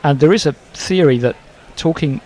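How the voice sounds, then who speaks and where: A man's voice: a little high, normal speed, warm tone. Male co-commentator, easygoing banter, mid-range voice, faint background noise. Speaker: cricket co-commentator. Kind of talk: casual commentary chat.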